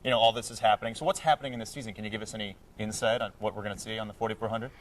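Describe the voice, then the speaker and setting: Fast, jokey male talk show host. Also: on the low side, fairly even intonation, recorded from a distance, a little hiss or hum. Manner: quick, jokey, playful. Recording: voice a bit off-mic.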